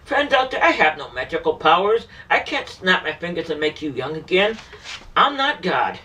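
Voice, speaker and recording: A man's voice: fairly high pitch, big pitch swings, normal speed, bright, forceful tone. A man telling an emotional personal story in an earnest, repetitive way, often stumbling and restarting his sentences. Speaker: street performer and vlogger. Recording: voice distant from the mic.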